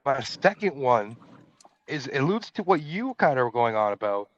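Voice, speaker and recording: A man's voice: mid-range voice, big pitch swings, moderate pace. A man in a casual podcast chat, recalling things hesitantly and correcting himself. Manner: hesitant, self-correcting recollection. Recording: dull dry lo-fi audio.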